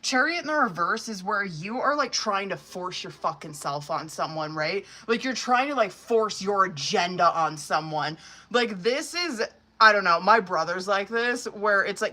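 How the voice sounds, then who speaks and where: A young woman with a bright, edgy voice reads tarot cards for viewers live on a stream. She talks bluntly and sassily, swearing freely as she explains each card. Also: mid-range voice, lively intonation, normal speed. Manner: blunt, profane, sassy. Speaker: tarot reader.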